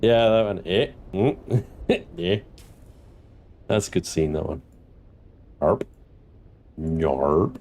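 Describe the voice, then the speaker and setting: A man's voice: animated, slow pace, pauses often, dark tone. A young adult man from Britain casually chatting with viewers during a game livestream, laughing often and swearing freely. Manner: chatty, swearing, laughing, mock-indignant high squeals. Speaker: gaming livestreamer.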